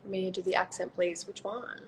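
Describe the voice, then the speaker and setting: A woman's voice: on the low side, little pitch movement, a little fast, a little hiss or hum, rough recording. A young woman with an Australian accent, chatting casually and giggling on a phone live stream. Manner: chatty, giggly, trails off into whispers. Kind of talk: casual chat. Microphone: phone on a video live stream.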